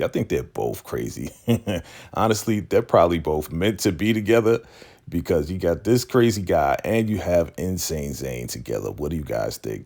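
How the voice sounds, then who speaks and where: A man casually recapping a TV episode, animated and acting out the characters as he goes. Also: deep voice. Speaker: show recap host.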